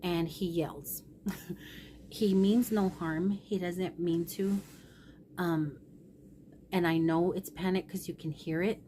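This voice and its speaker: A woman's voice: lowish voice, fairly even intonation, takes it slowly, long pauses, mellow, a little hiss or hum. A middle-aged woman vlogger telling a personal story in a candid, rambling, emotional way.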